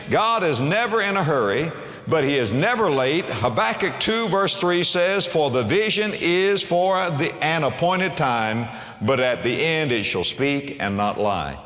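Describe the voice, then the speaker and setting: A man preaching a sermon, dropping to a hush and then soaring, repeating phrases for emphasis. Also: mid-range voice. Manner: impassioned, swings from hushed to soaring, repeats phrases. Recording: reverberant hall sound.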